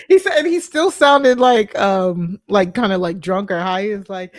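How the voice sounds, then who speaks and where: A woman's voice: fairly high pitch, moderate pace, few pauses, no echo. A woman co-hosting a podcast, chatting casually and animatedly, acting out her reactions. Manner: animated, laughing easily, acts out reactions. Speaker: podcast co-host. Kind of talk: casual recap chat.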